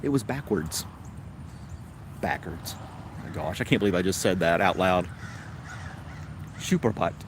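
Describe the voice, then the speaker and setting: A man's voice: sits low, expressive, moderate pace, long pauses, a little hiss or hum. A man with a Tennessee accent hosting a casual livestream chat, rambling along in an easygoing way. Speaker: host.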